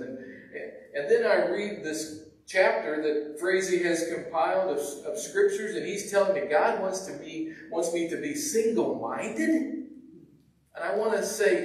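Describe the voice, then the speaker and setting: Higher-voiced preacher, echoey and distant. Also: male voice. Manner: conversational, with restarts and repeated words. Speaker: pastor. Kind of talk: sermon. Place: church sanctuary. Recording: echoey church from far off.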